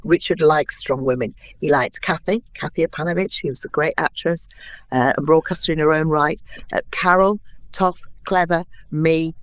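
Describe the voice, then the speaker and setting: A woman in her sixties, a guest in an interview, telling anecdotes in a lively way and acting out what others said. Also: deep voice, moderate pace, dry recording. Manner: lively anecdotal storyteller, acts out quotes. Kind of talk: interview storytelling.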